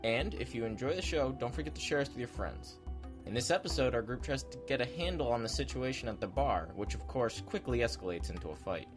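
A man's voice: mid-range voice, animated, fairly quick, over music. A man hosting a podcast, reading an upbeat scripted intro. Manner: upbeat, promotional. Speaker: podcast host.

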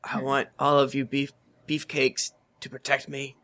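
A man's voice: medium pitch, completely flat delivery, unhurried, a bit bright. A man playing a tabletop game, joking and teasing the others in playful banter.

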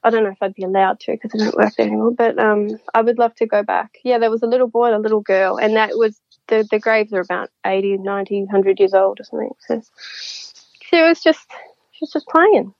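A woman's voice: medium pitch, level tone, fast talker, creaky, few pauses, no echo. A woman telling a story as a podcast guest, chatty and rambling, laughing often. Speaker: psychic guest. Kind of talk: casual storytelling. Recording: dull lo-fi, dry.

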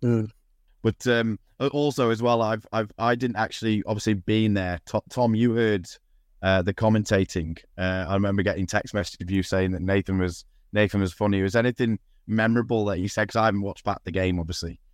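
A man's voice: on the low side, fairly even intonation, a little fast, no echo, studio quality. A man hosting a casual sports podcast, rambling with lots of restarts and the odd swear word. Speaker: podcast host. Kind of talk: casual chat.

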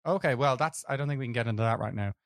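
This is an Irish man talking films on a podcast with a mate. He is eager and relaxed, with a mid-range voice, and swears now and then as casual emphasis. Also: mid-range voice, racing. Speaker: podcast co-host. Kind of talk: casual film chat.

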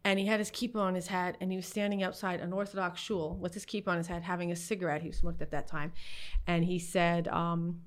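A middle-aged woman guest on a podcast, telling funny family stories in a casual, animated way, laughing often and acting out what relatives said. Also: lowish voice, fast, few pauses. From Canada. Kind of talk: casual storytelling interview.

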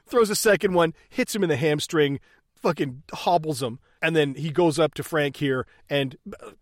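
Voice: medium pitch, measured pace, dry recording, clean studio sound. A speaker in casual, profane chat, recapping a movie with laughter and acted-out lines. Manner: profane, laughing, acts out characters.

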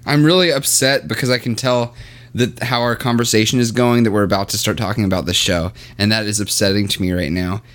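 A man's voice: on the low side, fairly even intonation, a little fast, a bit bright. A young man co-hosting a podcast in casual chat, teasing and playfully incredulous. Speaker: podcast co-host.

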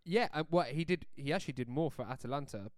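A man's voice: fairly high pitch, fast talker, a little mellow, dry recording. A young man co-hosting a casual football podcast, rambling and easily flustered. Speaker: podcast co-host.

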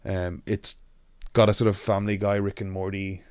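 Animated, sweary man ranting on a podcast. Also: sits low, normal speed, smooth, dry recording, studio quality. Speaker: podcast co-host. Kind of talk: casual chat.

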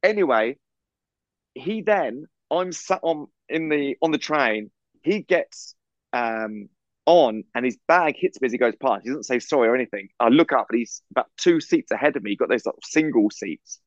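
A man co-hosting a podcast, telling a rambling, animated anecdote over a video call. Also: mid-range voice, moderate pace, dry recording. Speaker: podcast co-host. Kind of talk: casual storytelling chat. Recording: slightly muffled video call audio.

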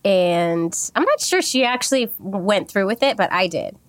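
A woman's voice: medium pitch, very animated, normal speed, dry recording. A woman telling a personal story in casual chat, candid and rambling, with many fillers and restarts.

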